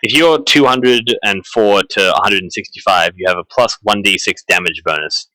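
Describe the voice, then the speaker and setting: A man running a tabletop horror game live, chatty and animated, with many fillers and restarts. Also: fairly low pitch, moderate pace, no room sound, poor audio. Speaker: game master.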